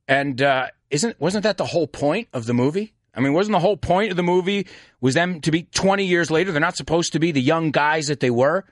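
A man with a New York accent hosting a casual studio chat, animated and laughing often. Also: fairly high pitch, a little fast, no echo. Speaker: host. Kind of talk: casual chat with live audience.

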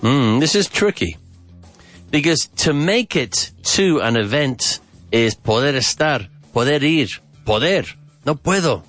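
Lively male English teacher. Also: mid-range voice, measured pace, faint music behind. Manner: repeats phrases, drills questions, enthusiastic. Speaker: English teacher and podcast host. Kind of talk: podcast grammar lesson with Spanish asides.

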